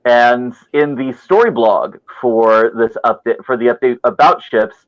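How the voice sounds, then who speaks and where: A man hosting a podcast, talking conversationally with filler pauses. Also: medium pitch, highs cut off. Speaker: podcast host.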